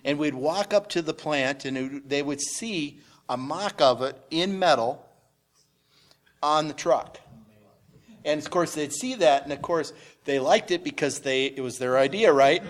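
Man, middle-aged, somewhat high pitch, rambling storyteller, lots of fillers. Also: a little slow. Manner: rambling, repeats words, many "and, uh" fillers. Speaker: business owner sharing testimony. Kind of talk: storytelling on a panel.

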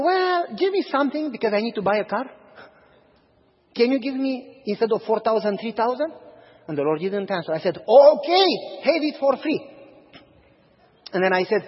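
A pastor with a high-pitched, breathy voice tells stories in his sermon, acting out the dialogue with animated flair. The audio sounds dull and carries a long hall reverb.

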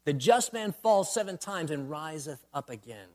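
A man's voice: a little high, animated, normal speed, a little mellow. A man preaching a sermon, building to emphatic bursts and repeating refrains. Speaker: pastor.

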